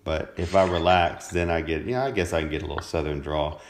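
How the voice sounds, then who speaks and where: Real deep gravelly guy, laid back, chuckling and clearing his throat. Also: quick pace. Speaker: podcast co-host. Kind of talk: casual chat.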